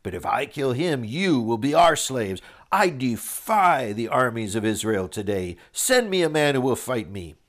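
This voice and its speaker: A man reading as a boastful giant warrior, loud and taunting. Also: mid-range voice, very animated, a little slow, few pauses, voice pushed up. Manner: loud, defiant challenge.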